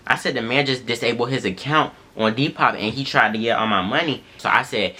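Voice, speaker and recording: A young man casually telling a story to viewers, animated and full of slang. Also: on the low side, a little fast, slight background noise. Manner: animated slangy retelling, addresses viewers as y'all and bro.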